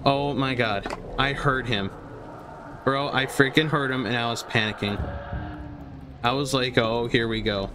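Over background music, a young man hosts a gaming video, narrating his own play at a medium pitch and a slightly slow pace with long pauses. He talks to himself, repeats phrases, and reacts in jumpy exclamations.

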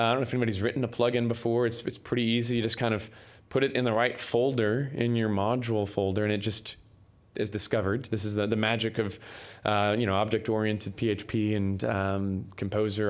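A man's voice: fairly low pitch, flat delivery, fast, clean tone. A man giving a technical conference talk in a casual way, with many fillers and restarts. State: coughing, throat irritation. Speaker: conference speaker. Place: conference room.

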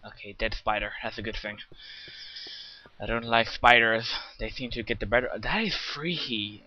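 A man's voice: medium pitch, normal speed. Rambling British man playing a game. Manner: rambling, self-deprecating chatter to viewers. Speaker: let's play gamer. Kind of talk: casual game commentary. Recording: slightly muffled with faint hiss.

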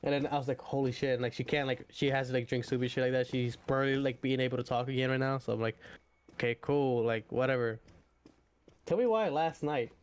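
A man's voice: medium pitch, fast, clean tone. A young man telling a long story in casual voice chat while gaming, rambling, swearing and saying "like" constantly. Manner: rambling, profane, full of "like".

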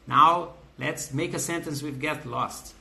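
A man's voice: fairly high pitch, unhurried, vocal fry, pushed and bright. A man in his fifties from Brazil with a Brazilian Portuguese accent, teaching a live online English class, greeting viewers by name and reading out their comments, with frequent fillers and restarts.

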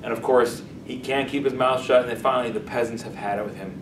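Casual rabbi telling a story. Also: male voice, mid-range voice, fairly even intonation, quick pace. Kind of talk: storytelling lesson. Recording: echoey room, distant mic, noisy.

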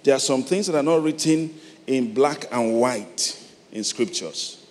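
A middle-aged Nigerian man preaching a sermon, moving from soft, reflective storytelling to loud, emphatic calls. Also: mid-range voice, unhurried. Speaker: pastor. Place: large church hall. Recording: long hall reverb, faint noise.

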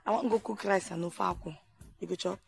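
A woman's voice: fairly low pitch, fairly even intonation, quick pace, vocal fry. An actress playing an easygoing wife and mother who talks with a Nigerian Pidgin accent.

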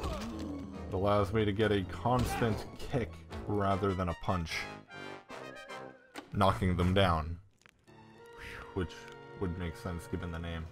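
A man giving casual, excitable gameplay commentary and swearing often. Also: low-pitched, slow, long pauses, over music.

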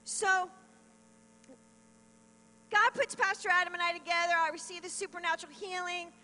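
A woman's voice: very high voice, steady tone, moderate pace, pushed and bright. A middle-aged woman telling her testimony from a church stage, earnest and emotional, in a reverberant hall with mains hum. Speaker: pastor's wife giving testimony. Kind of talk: testimony sermon.

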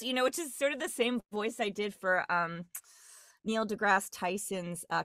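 A woman's voice: mid-range voice, a little slow, a bit bright, no room sound, studio quality. A woman with a Great Lakes American accent, a dialect coach and voice actress talking in a rambling, digressive podcast interview from home. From US Great Lakes region. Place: at home on a computer, remote.

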